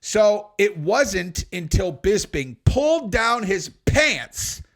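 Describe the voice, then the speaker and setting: Brash, high-voiced male podcast host. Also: slow. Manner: animated storyteller, brash, profane. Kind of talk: casual podcast commentary.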